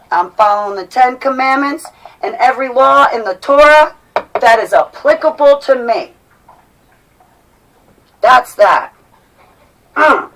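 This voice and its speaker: Animated woman vlogging, slightly distant mic. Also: mid-range voice. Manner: animated, emphatic, swings loud and soft. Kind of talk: casual monologue to viewers. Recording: voice a bit far from mic.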